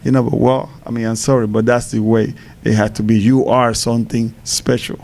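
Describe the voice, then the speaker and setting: A man from Panama, answering fan questions at a live Q&A. He speaks haltingly, repeats words and laughs between answers. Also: medium pitch, flat delivery, darkish tone.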